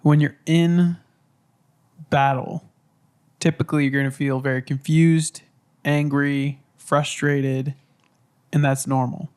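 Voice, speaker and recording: A man's voice: on the high side, fairly even intonation, slow, long pauses, a little mellow, smooth. A man hosting a podcast in casual chat, stuffy from a cold, talking in an earnest, reflective way. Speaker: podcast host.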